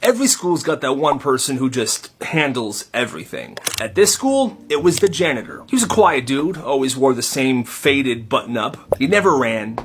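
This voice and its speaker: A man narrating comedic school stories in a casual, animated way, slipping into character voices. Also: mid-range voice, moderate pace, few pauses, a little hiss or hum. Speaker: storyteller. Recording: music playing behind.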